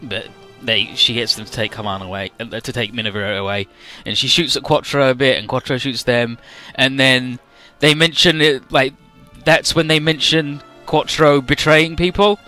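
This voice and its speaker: A man chatting casually, retelling a story with animated energy, swearing and mimicking the characters. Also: mid-range voice, normal speed, few pauses, faint music behind. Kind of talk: casual chat.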